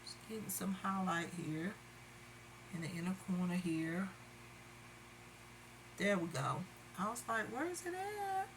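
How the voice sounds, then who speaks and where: A woman's voice: on the low side, unhurried, pauses often, noisy background. A woman doing her makeup on camera while venting in casual, rambling chat full of fillers. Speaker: beauty vlogger.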